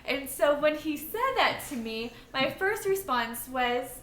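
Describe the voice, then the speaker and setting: A woman's voice: sits high, sing-song, takes it slowly, hardly any pauses, a bit bright, echoey room, slight background noise. A woman sharing a casual Christian testimony about her marriage, telling her side candidly and plainly. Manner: candid, plain-spoken storytelling.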